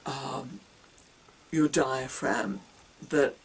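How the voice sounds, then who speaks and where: A woman's voice: a bass voice, drawn-out words, slightly rough, distant mic, low-quality recording. A woman giving a casual singing lesson, demonstrating breathing exercises with whoops, grunts and hisses. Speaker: singing teacher.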